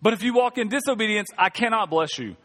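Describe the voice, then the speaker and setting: A male pastor voicing God in an earnest, inviting tone, a little lower than his usual preaching. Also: expressive, fast, pushed and bright, in a large hall. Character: God, a patient and challenging divine voice.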